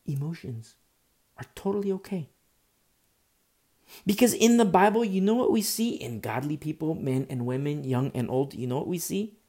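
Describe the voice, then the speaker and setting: A man preaches an impassioned sermon in a fairly high, dark-toned voice at a moderate pace. He repeats himself, restarts phrases, and makes asides to the congregation.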